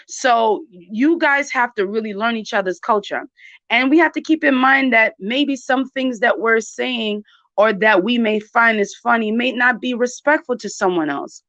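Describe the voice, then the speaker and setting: A woman's voice: on the high side, a bit bright, no room sound. A woman, talking emphatically and directly to her viewers in a casual chat. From New York. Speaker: channel host. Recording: dry, dull lo-fi sound.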